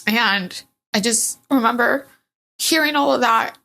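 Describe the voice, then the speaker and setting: A woman's voice: fairly high pitch, moderate pace, creaky, sharp tone. A woman telling her own story as a podcast guest, candid and emotional, rambling with fillers. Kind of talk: personal storytelling in a podcast interview.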